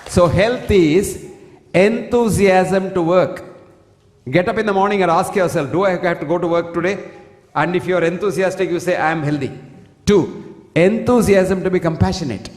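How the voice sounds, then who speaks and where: A man's voice: high-pitched, quick pace. A man with an Indian English accent giving an emphatic health lecture into a single fixed mic, reciting Sanskrit verses. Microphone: single fixed stand mic. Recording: echoey hall with long reverb.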